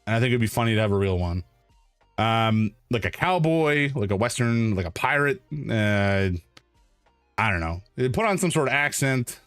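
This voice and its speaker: A man's voice: on the low side, lively intonation, normal speed, fairly bright tone, clear, resonant tone, no room sound. Male streamer, casual rambling chat, self-deprecating, dry close mic, faint music.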